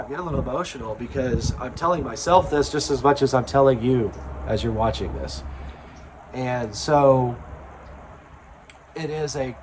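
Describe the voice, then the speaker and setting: A man speaking as a spiritual self-help speaker, in a slow, earnest, reflective monologue with pauses and ums. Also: mid-range voice, slight background noise.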